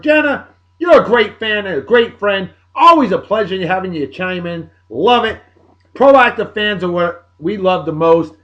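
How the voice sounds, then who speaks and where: A man, hosting a show and giving rowdy, salty shout-outs to friends in a casual rambling way. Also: sits high, lo-fi sound. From Martha's Vineyard, Massachusetts. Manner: boisterous, salty, hollers catchphrases.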